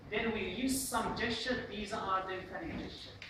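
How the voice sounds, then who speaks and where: A man's voice: high voice, moderate pace, few pauses. Lecturing man with a Bangladeshi accent. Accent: Bangladeshi English. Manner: animated, repeatedly asks "Clear?" and "Yes?". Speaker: presentation skills lecturer. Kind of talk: classroom lecture with demonstrations. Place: university classroom. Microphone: camera at the back of the room. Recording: echoey classroom from far off, noisy.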